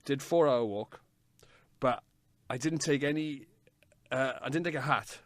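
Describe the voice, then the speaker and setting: A man's voice: medium pitch, unhurried, no echo. A man in his forties hosting a radio show, telling a rambling self-mocking story in casual chat. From Wales. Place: radio studio. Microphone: studio microphone.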